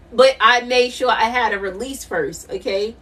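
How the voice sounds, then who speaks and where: A woman's voice: fairly high pitch, takes it slowly, fairly bright tone, recorded from a distance. A middle-aged woman doing a live tarot reading, emphatic and repetitive, laughing often. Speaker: intuitive tarot reader.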